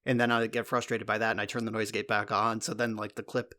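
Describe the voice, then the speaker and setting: A man's voice: fairly low pitch, flat delivery, quick pace, pushed and bright. A man co-hosting a podcast in casual chat, rambling with lots of fillers and the odd swear, speaking from a home recording room. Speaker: podcast co-host.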